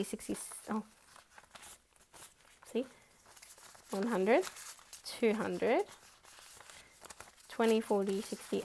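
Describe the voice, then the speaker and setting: Excitable young Australian woman vlogger. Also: medium pitch, slight background noise. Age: 20s. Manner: excitable, gushing, counts money aloud. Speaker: budgeting vlogger. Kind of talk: casual chat.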